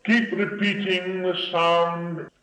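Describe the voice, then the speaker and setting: Slow-spoken man teaching voice exercises. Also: sits high, level tone, fairly bright tone. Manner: slow, deliberate, demonstrating vocal sounds. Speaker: voice and speech teacher. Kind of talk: instructional voice lesson. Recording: dull lo-fi old recording in an echoey room.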